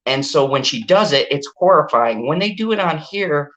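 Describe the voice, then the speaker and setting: A woman's voice: moderate pace, highs cut off. A woman hosting a casual movie review chat, ranting and swearing in exasperation. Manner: exasperated, swearing, ranting with animated pitch jumps.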